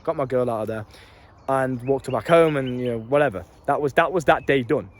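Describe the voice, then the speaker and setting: His voice runs on the high side, animated and a little fast. A young Brit and life coach, he tells stories straight to camera in a casual, brash manner, cursing freely, using street slang and laughing at his own stories.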